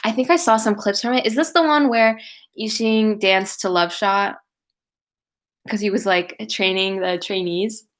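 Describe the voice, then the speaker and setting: An unhurried young woman with a steady, mid-range, fairly bright voice hosts a casual livestream as a cover singer. Reading viewers' comments aloud, she's chatty and effusive, saying "like" and "oh my God" a lot.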